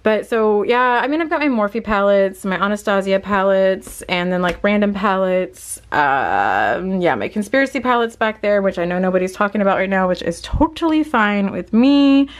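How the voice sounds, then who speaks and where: A woman's voice: mid-range voice, expressive, normal speed, hardly any pauses. Young woman, casual vlog, chatty and rambling, slightly out of breath, small bedroom, phone camera. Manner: chatty and candid, rambling with fillers. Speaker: vlogger. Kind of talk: casual vlog room tour.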